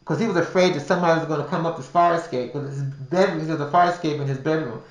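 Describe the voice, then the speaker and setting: Speaking fast in a fairly high voice, an older podcast storyteller rambles through a personal tale, with restarts and repeated words. The room gives the recording an echo.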